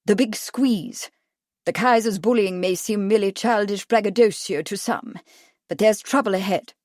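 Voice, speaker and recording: A woman reading the lines of an emphatic, pipe-smoking English gentleman. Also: medium pitch, normal speed, no room sound, clean studio sound, lightly acted. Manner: emphatic, exclaiming.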